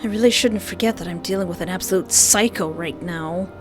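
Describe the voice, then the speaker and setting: A woman reading a visual novel aloud in first person, animated and playfully sarcastic, with faint music behind. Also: lowish voice, a little fast. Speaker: visual novel player and narrator.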